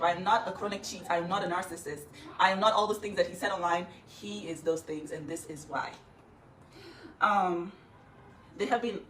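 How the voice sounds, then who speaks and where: A woman's voice: fairly low pitch, fairly bright tone, roomy sound, recorded from a distance, slight background noise, low-quality recording. A woman telling her side of a story in a defiant, earnest casual talk. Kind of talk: emotional casual talk to camera.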